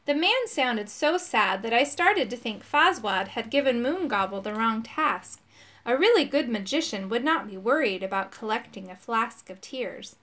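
Expressive woman reading a children's book. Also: fairly high pitch, moderate pace. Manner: expressive, voicing characters. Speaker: audiobook narrator.

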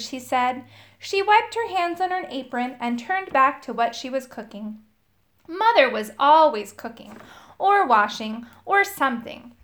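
A woman reading a children's story aloud, telling it in the first person with an expressive storyteller's lilt. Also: sits high. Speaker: storybook reader.

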